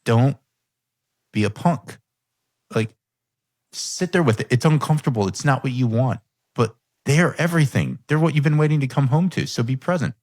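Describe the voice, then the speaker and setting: A man's voice: medium pitch, normal speed, pauses often, a little mellow, dry recording, studio quality. A man hosting a coaching podcast, telling a personal story in a candid, reflective way. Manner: candid, reflective, quotes his own thoughts. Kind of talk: earnest conversational storytelling.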